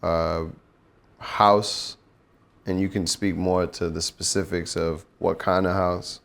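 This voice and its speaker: A young man from Nigeria, a musician, talking in a relaxed, reflective way in a casual interview. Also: sits low, slow pace, gravelly. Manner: relaxed, reflective, slips into rap flows.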